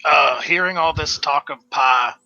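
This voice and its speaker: A man describing his character's actions as a player in a tabletop game, with relaxed, hesitant speech. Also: on the high side, measured pace, vocal fry, no room sound. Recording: dull, lo-fi sound.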